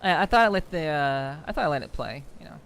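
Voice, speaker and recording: A woman's voice: low-pitched, lively intonation, quick pace, fairly bright tone. A woman streamer chatting casually with her viewers while playing, laughing often and reacting to chat. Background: game music.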